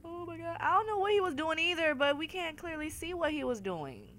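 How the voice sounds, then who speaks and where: A woman with a fairly high, very lively voice narrates a horror game playthrough, jumpy and quick to swear. She blurts out loud frightened outbursts and keeps addressing her viewers directly. A faint hiss sits under the recording. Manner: talks to viewers as y'all. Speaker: gaming video host. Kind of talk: horror game let's-play commentary.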